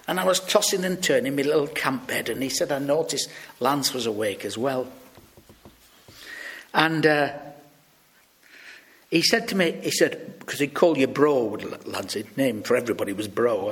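A British man preaching a sermon, telling stories and acting out the people he quotes. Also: mid-range voice. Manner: storytelling, lively, acts out quoted voices.

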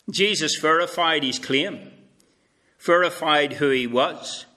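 A man's voice: on the high side, animated, moderate pace, pushed and bright. A male pastor preaching a sermon at a carol service, telling a story in a conversational way with asides. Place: church.

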